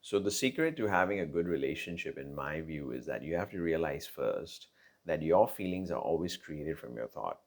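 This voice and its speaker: A man's voice: very deep voice, animated, normal speed, creaky. A man giving casual relationship advice in a conversational monologue, with many fillers, restarts and frequent "right?" tag questions.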